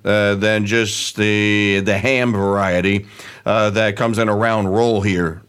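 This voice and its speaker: A man co-hosting a casual radio chat, rambling and halting with many fillers. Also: lowish voice, fairly even intonation, fairly bright tone, clean tone. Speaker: radio show co-host. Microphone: earbud headset.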